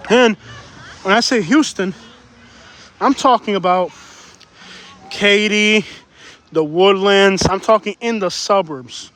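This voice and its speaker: A man's voice: high-pitched, a bit bright. A man live-streaming from a beach while walking, talking in an opinionated, emphatic way and getting out of breath. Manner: opinionated, emphatic, repeats himself. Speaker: livestream vlogger. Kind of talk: casual live-stream chat. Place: beach outdoors.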